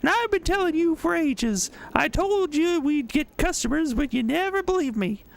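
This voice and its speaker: A tiny shopkeeper woman brays in a shrill, very high voice, nagging her dim husband. She scolds without pause. It is a character from a fantasy computer game. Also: animated, vocal fry, heavily acted. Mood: scolding. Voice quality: braying. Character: shrill braying little shopkeeper wife, scolding.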